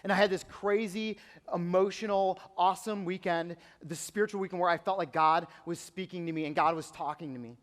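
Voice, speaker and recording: A young man, a youth pastor, telling a personal story in a sermon, earnest, sometimes hushed and sometimes emphatic. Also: high-pitched, steady tone, fairly quick. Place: church auditorium. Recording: long hall reverb.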